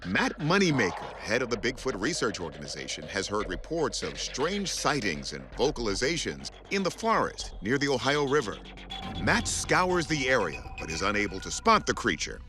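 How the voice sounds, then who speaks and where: A man's voice: medium pitch, moderate pace, noisy background. A man narrating a documentary as host, in a scripted, dramatic delivery. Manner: dramatic, lively intonation. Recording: voice-over with music.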